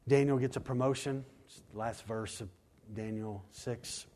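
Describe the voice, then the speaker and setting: A man in mid-range pitch delivering a sermon. He sinks into slow, hushed lines for emphasis and then lifts his voice high and loud when reading scripture, tossing in quick acted-out asides along the way. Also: fairly even intonation, a little hiss or hum. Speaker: pastor.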